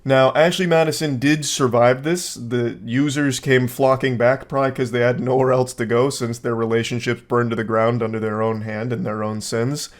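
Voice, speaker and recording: A man giving comedic commentary on text message screenshots, sardonic, deadpan and profane. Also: mid-range voice, moderate pace, few pauses. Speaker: online commentator.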